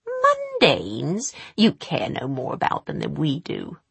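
A woman voicing a sinister female demon sister from a storybook, shrill and contemptuous. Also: huge pitch swings, takes it slowly, vocal fry, fairly bright tone, breathy edge, no echo, heavily acted. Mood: scornful.

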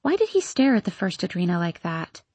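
A woman reading a novel aloud in steady scripted narration. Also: on the low side, brisk, breathy edge, no room sound. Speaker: audiobook narrator.

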